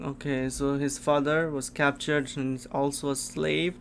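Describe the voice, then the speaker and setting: A man reacting live to a comic chapter, reading it aloud with gasps and sudden exclamations as he thinks out loud. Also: medium pitch, flat delivery, moderate pace, a little hiss or hum. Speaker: manga reaction host.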